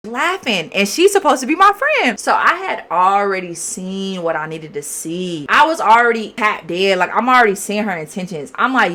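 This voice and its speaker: A young woman vlogger telling a story casually, slangy and animated, talking straight to her viewers. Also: fairly high pitch, moderate pace, hardly any pauses.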